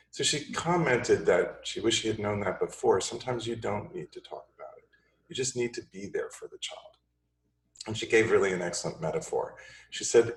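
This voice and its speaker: Deep-voiced man lecturing in echoey room. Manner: calm, measured storytelling. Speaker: pediatrician speaking on child grief. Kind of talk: recorded lecture. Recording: echoey room, far from mic.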